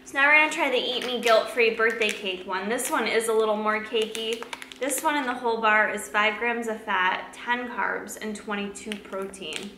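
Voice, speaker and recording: A woman fitness vlogger chatting casually through a snack taste test, laughing often and filling pauses with "like" and "um". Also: fairly high pitch, sharp tone. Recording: echoey room, faint background hum.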